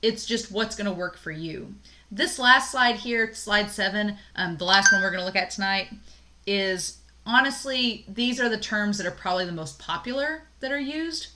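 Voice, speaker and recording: Bright-voiced woman teaching a poetry lecture. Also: medium pitch, animated, normal speed, slight background noise. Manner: casual, explanatory, frequent "um" fillers and light laughs. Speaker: college English instructor. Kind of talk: recorded online lecture.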